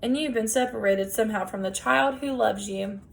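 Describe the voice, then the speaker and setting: A woman voicing a huge, kindly bearded man of the road who speaks in gentle, formal phrases. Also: fairly high pitch, moderate pace, gravelly. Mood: genial. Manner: courtly, gentle, wordy.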